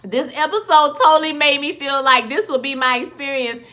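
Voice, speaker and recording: A young woman talks through a TV episode in a loose, slangy, candid recap. Her voice sits a little high and comes across bright and sharp. She keeps it chatty, like she is telling friends what happened. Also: a little fast. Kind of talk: casual recap vlog.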